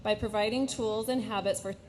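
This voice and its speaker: A woman moderating an event in a high school auditorium, briskly reading the speaker introductions from a program. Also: steady tone, darkish tone, slight background noise.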